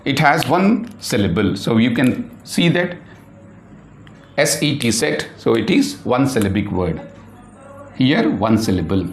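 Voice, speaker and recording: A man teaching a lesson, repeating points and spelling words out letter by letter. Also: a little high. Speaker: English teacher. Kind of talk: classroom lesson at a board. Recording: echoey room.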